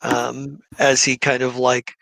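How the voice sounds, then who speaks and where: A man narrating as game master in a tabletop game, halting with frequent fillers. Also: mid-range voice, completely flat delivery, creaky, pushed and bright, dry recording.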